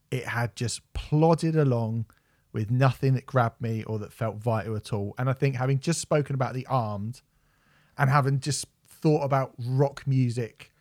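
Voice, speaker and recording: A man's voice: mid-range voice, no room sound, studio quality. A young man co-hosting a music podcast, ranting and swearing as he mocks a record. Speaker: podcast co-host reviewing music. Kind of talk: casual chat.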